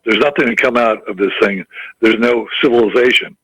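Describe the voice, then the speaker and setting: A man's voice: fairly low pitch, brisk, fairly bright tone, husky, no room sound, rough recording. A man calling in to a talk radio show, speaking casually with frequent stumbling restarts. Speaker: caller. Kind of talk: casual call-in chat.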